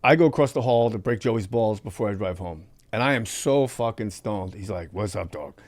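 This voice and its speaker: A man hosting a podcast, telling profane, animated stories in casual chat and acting out the people he quotes. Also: lowish voice, a little fast, no room sound. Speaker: podcast host.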